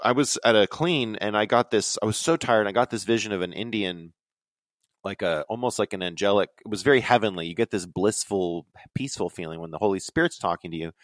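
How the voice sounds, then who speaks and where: A man telling stories in casual talk, rambling and animated, often dropping into quoted voices. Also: fairly low pitch, brisk, no echo. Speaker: podcast guest. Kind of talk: casual storytelling.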